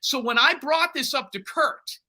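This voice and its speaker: Male private investigator with a very bright, sharp voice, blunt storyteller who acts out every quote. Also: very high voice, expressive, moderate pace. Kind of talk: animated storytelling interview.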